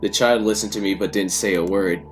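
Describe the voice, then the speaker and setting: A man reading an interactive story aloud and breaking off into loud, exasperated reactions. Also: low voice, fairly quick, faint music behind. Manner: loud, exasperated outbursts between calm reading.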